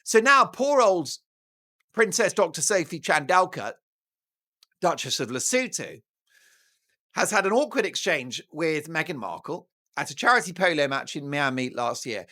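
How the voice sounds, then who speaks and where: British male talk host, mocking and theatrical, lively swings in pitch, bright voice. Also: normal speed. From Britain. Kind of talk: opinionated news commentary.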